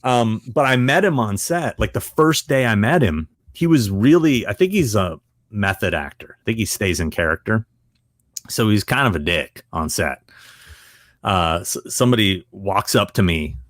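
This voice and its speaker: A man guest on a podcast, telling casual stories with lively acted-out dialogue and frequent laughter. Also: fairly low pitch, normal speed, dry recording, clean studio sound. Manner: animated storyteller who acts out quoted dialogue. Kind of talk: casual anecdote storytelling.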